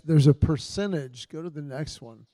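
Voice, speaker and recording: Earnest man with a mellow voice. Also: a little high, moderate pace, no room sound. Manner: earnest and heartfelt, retelling stories with soft quoted lines. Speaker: men's ministry speaker. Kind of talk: church talk to a men's group.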